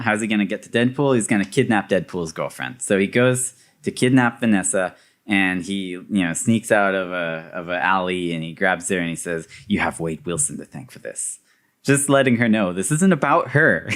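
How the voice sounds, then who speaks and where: A man hosting a podcast, animatedly retelling movie scenes and laughing often. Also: lowish voice. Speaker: podcast host presenting a fan theory. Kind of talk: casual podcast chat.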